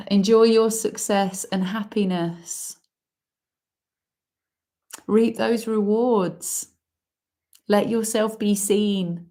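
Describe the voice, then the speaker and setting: A woman's voice: medium pitch, steady tone. A woman giving an emotional spoken oracle card reading, heartfelt and full of sighs. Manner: slow, heartfelt, breaks into emotional laughs and sighs.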